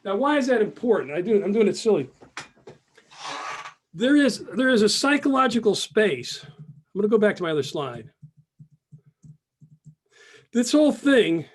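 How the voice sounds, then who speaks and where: A man's voice: sits high, sing-song, normal speed, pauses often. A man presenting a live sales webinar, upbeat and chatty, repeating phrases and reading the chat aloud over a computer mic. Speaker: webinar presenter, business mentor. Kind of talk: casual live webinar teaching.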